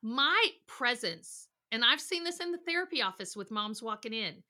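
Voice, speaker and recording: A woman's voice: on the high side, moderate pace. A middle-aged woman counselor giving a podcast interview, talking with energy and acting out little voices as she tells stories. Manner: energetic, animated storytelling with acted voices. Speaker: counselor and guest.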